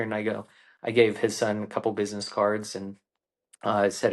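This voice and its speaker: A man in his forties, a coach and podcast guest, telling a personal story in an earnest, unhurried way with frequent ums and restarts. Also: lowish voice, level tone. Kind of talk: reflective conversational storytelling.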